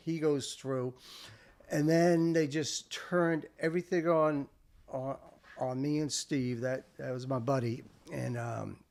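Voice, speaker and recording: Older american vet guy, gravelly voice, slightly high, animated swearing stories. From United States. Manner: animated, swearing, acts out shouted quotes. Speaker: veteran guest. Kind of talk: casual war storytelling.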